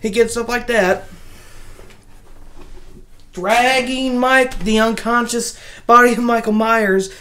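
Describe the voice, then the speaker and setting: A woman giving a casual spoken movie review, rambling and animated, with many restarts. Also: a little high, slow pace, pauses often.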